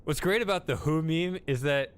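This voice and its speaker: A man's voice: a little high, normal speed, smooth. A man live-streaming a video game, musing aloud in a casual, rambling way.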